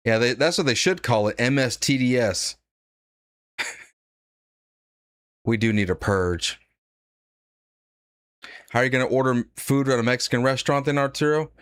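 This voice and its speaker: A man's voice: medium pitch, normal speed, pauses often, fairly bright tone, no room sound, studio quality. A man giving blunt, sarcastic live-stream commentary, reading out donations and laughing at his own jokes. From United States.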